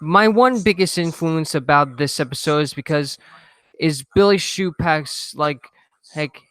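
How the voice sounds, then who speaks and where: A man's voice: fairly high pitch, a little slow, a bit bright, dry recording. A man hosting a reaction video, chatting casually into a handheld mic, rambling and restarting his sentences. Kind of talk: casual commentary. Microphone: handheld microphone.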